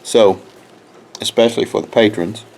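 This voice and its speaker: Outdoors in his garden, a man who runs a homestead vlog chats casually with viewers, folksy and rambling, repeating words often. He speaks at normal speed in a fairly low, steady, creaky voice that's a little mellow, captured on a rough recording.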